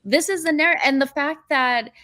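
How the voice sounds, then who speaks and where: A woman with a fairly high voice speaks as a guest on a live stream. She makes her points bluntly and with emphasis. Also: normal speed, sharp tone. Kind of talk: casual live-stream chat.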